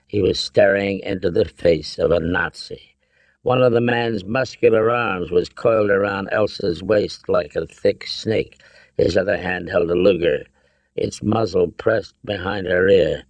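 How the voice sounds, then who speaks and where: A man narrating an audiobook in a measured, deliberate way. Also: sits low, creaky, no echo. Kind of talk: scripted narration.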